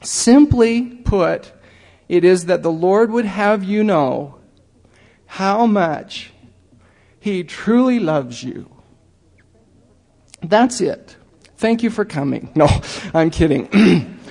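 A middle-aged man giving a halting, earnest church talk, full of fillers and self-deprecating asides. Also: high voice, lively intonation, vocal fry, darkish tone. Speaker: lay church speaker. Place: chapel. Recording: long hall reverb.

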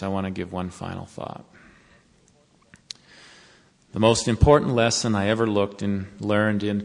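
Storytelling man preaching in a hall. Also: deep voice. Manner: storytelling, turning slow and earnest. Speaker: devotional speaker to college students. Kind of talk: sermon with folksy storytelling. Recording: long reverb of a large hall.

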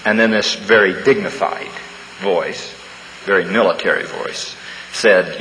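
A man giving a humorous sermon to students, a folksy storyteller who pauses with uhs and restarts. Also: sits low, steady tone, pushed and bright. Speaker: speaker at a campus devotional. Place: large church hall. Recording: large hall, faint room noise.

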